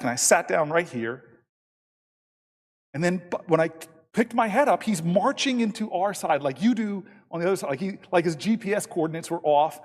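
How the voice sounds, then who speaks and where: Storytelling man in a reverberant chamber. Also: a little high. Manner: storytelling, quotes others in lively voices. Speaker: senator. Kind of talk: floor speech. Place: large legislative chamber. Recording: long reverb from a large chamber.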